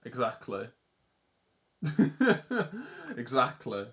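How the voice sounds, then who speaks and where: A man's voice: medium pitch, steady tone, very slow, bright, forceful tone. A young man with an English accent, chatting casually and rambling on a livestream while he draws, self-deprecating and swearing now and then. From England. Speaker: art streamer.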